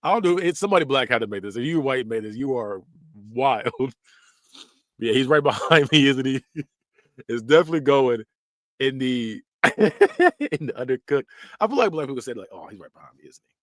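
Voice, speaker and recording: A man's voice: mid-range voice, moderate pace, pauses often, dry recording, clean studio sound. Laughing man reacting on a podcast. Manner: laughs often, animated and joking. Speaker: podcast host. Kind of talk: casual reaction commentary.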